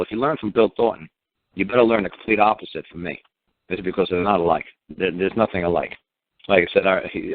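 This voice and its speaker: A man on a phone call telling a long story in an animated, rambling way, acting out the other people in it. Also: on the low side, no room sound. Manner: rambling, mimics others' voices, emphatic. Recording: tinny phone line, dry.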